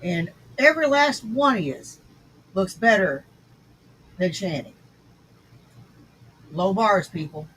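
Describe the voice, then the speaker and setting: A woman's voice: mid-range voice, big pitch swings, takes it slowly, long pauses, fairly bright tone, breathy edge, poor audio. A woman hosting a livestream, reacting to clips with scornful, insulting commentary. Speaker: stream host reacting to clips.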